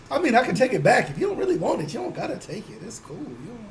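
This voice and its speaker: A man from Chicago running a tabletop game, animated and emphatic with casual profanity. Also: extremely high pitch, quick pace, crowd noise. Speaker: game master. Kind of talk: tabletop game narration and banter.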